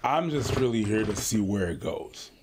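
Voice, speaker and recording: A man co-hosting a podcast, talking in a casual, animated, slangy way. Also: on the low side, normal speed, noisy background. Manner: animated, slangy, acts out quotes. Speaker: podcast co-host. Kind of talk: casual chat.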